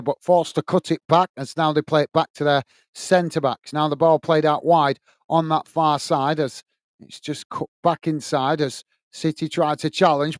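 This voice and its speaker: A chatty middle-aged man hosts a football watch-along. He calls the play and reads out viewer messages in a fairly high, smooth voice. The sound is dry and close. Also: no echo. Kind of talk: live match commentary and chat reading.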